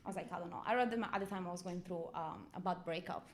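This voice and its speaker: A woman's voice: on the low side, quick pace, a little hiss or hum. A young woman, a model, talking in a casual interview and acting out quoted dialogue. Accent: non-American foreign accent. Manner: animated, acts out quoted dialogue. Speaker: guest model.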